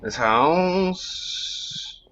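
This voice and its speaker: A man giving quiet, mumbled asides while playing a game. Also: high voice, huge pitch swings, extremely slow, husky, highs cut off. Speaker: let's play host. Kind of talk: casual game commentary.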